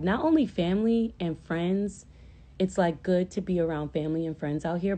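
A woman with a warm, lowish voice hosts a casual livestream from her phone. She rambles, swears freely, and now and then flares into impassioned outbursts.

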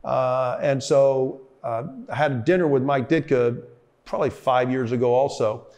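With a steady, medium-pitched voice that's a little mellow, an older former football player recounts his past at a measured pace. The interview is reflective, and his storytelling rambles, full of fillers and restarts.

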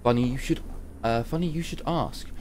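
A man's voice: medium pitch, moderate pace, a little mellow, slight background noise, pitched above the performer's own voice, close to an everyday voice. A man reading the lines of a friendly, chatty male village guard in a game. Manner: easygoing, chatty.

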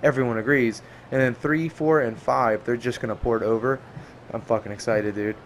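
Over game music and a bit of hiss or hum, a young gameplay streamer talks at normal speed in a medium-pitched voice. His let's-play commentary is loose and excitable, peppered with swearing, yelps, and laughter at the game.

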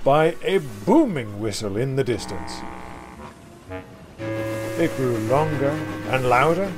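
A man reading a children's story aloud as narrator in an unhurried, expressive way. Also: medium pitch, music in the background.

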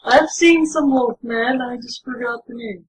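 A woman's voice: fairly high pitch, a little slow, poor audio. Easygoing woman asking questions. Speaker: podcast co-host. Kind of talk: casual watch-along chat.

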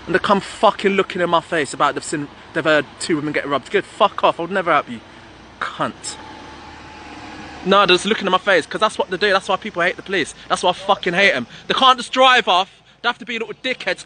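A man's voice: high-pitched, pushed and bright, a little hiss or hum. A man in a heated street argument with police officers, aggressive and insulting, repeating himself. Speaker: passer-by arguing with police officers. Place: outdoors on a street by a police van.

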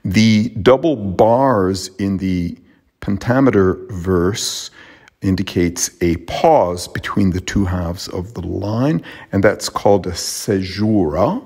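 Deep gravelly guy walking thru latin poetry slowly, lots of ums and restarts. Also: a little mellow. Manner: halting, with many fillers and restarts. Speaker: Latin teacher. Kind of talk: explanatory lesson on poetry.

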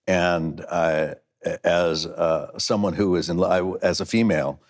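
A man on a panel telling a story with lively energy, acting out other people's lines. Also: a little slow. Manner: acts out voices with rising pitch and shouts. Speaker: panel guest. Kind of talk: animated anecdote.

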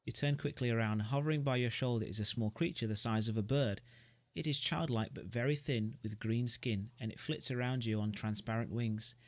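A man's voice: medium pitch, brisk, no echo. A man reading the narration of a story game aloud, with joking asides. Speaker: gamer.

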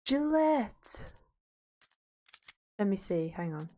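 During a casual gaming stream, a Yorkshire woman chats with her viewers, reads their messages aloud and swears without hesitation. She speaks at a medium pitch and normal speed.

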